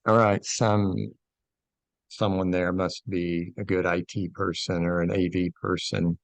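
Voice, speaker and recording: An older man with a gravelly voice on a video call, speaking slowly and fumbling with his audio settings. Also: low voice, level tone, no echo. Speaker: class participant.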